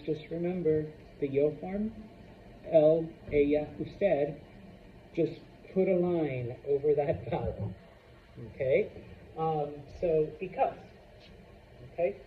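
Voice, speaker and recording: A man teaching a Spanish class in a classroom, unhurried and checking in often with the students. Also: fairly high pitch, far from the mic, slight background noise. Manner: unhurried, many fillers and check-ins. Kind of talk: classroom lecture. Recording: roomy lo-fi classroom recording from afar.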